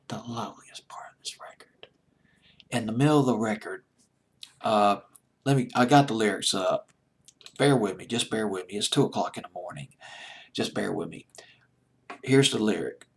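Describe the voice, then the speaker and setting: A man hosting a music show late at night, talking eagerly and rambling, sometimes dropping to a hushed near-whisper. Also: fairly low pitch, moderate pace, gravelly, long pauses, breathy edge. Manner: enthusiastic, rambling, drops to a hushed near-whisper when gushing. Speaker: deejay host.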